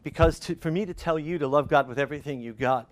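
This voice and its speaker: A middle-aged male pastor preaching a conversational sermon, telling stories with lively restarts. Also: fairly high pitch, quick pace. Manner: conversational, animated storytelling with restarts.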